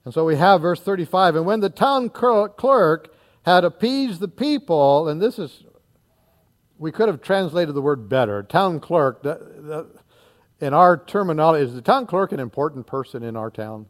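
Preaching verse by verse through a scripture passage he reads aloud, this man keeps a moderate pace. His delivery is lively: he plays the part of the crowd and drops now and then into hushed asides.

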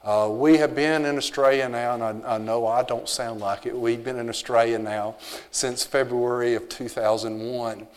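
A man's voice: mid-range voice, fairly even intonation, moderate pace, in a large hall. A man with a Southern US accent, a visiting missionary giving an easygoing, informal talk to a church congregation. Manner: easygoing, folksy, with frequent fillers. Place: church sanctuary.

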